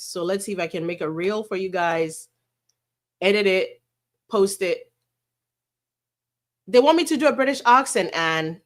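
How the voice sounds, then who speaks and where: A woman talking straight to her viewers in a loose, casual livestream. She is chatty and blunt, curses without a second thought, and slips Spanish terms of affection into her thanks. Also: mid-range voice. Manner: chatty, blunt, swears freely, mixes in Spanish endearments.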